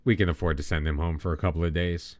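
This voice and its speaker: A man's voice: low-pitched, fairly even intonation, fast, a little mellow, no room sound, clean studio sound. A middle-aged man chatting casually on a live game stream, rambling and self-deprecating, with many restarts. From United States.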